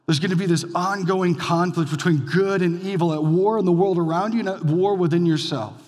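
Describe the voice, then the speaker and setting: A male pastor delivers a conversational sermon from a church sanctuary, his voice sitting a little high for a man. He swings between loud, emphatic bursts and quiet, low drops. A long reverb from the hall trails every line. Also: fairly even intonation, a little fast.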